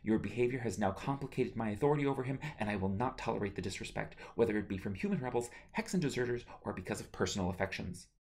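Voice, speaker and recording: A woman's voice: very deep voice, animated, quick pace, few pauses, darkish tone. A man reading his own novel aloud, voicing a stern queen mother who scolds her children in a harsh tone. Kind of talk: audiobook narration.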